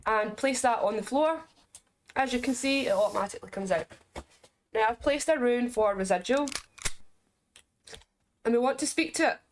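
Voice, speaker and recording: A woman with a Scottish accent talks through a game as she plays it. Her voice sits a little high, and she keeps up a chatty, explaining flow with quick jokes on the side. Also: slight background noise. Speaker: game reviewer. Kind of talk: casual gameplay commentary.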